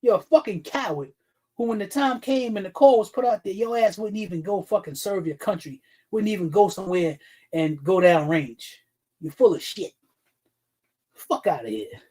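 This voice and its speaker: A man's voice: high voice, normal speed, a little mellow. A man hosting a livestream talk show, delivering blunt, profane, confrontational commentary with frequent restarts and repeated words. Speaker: streaming talk show host.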